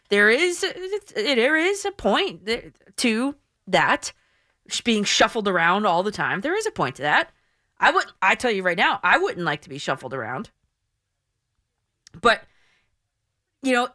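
A woman's voice: mid-range voice, pushed and bright, no room sound. Woman sports radio host in her 30s, chatty and emphatic, tight dry studio mic. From New Jersey. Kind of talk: sports talk radio monologue. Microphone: studio microphone.

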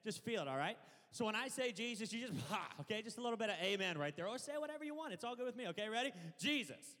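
A man preaching a lively sermon from a church stage, leading loud call-and-response with the crowd. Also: sits high, rapid-fire. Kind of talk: energetic sermon. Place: church auditorium. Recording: long hall reverb.

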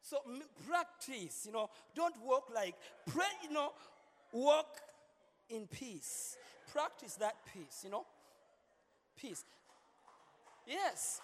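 A man's voice: extremely high pitch, big pitch swings, slow, long pauses. A man preaching as a pastor, playful and joking with his congregation, repeating words as he preaches in a large church. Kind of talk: sermon. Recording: long hall reverb.

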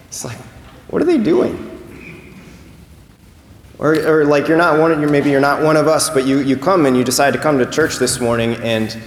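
A man's voice: medium pitch, slight background noise. Man preaching in an echoey church. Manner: conversational, repeats words, acts out voices in quotes. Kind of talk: sermon. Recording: echoey church hall with long reverb.

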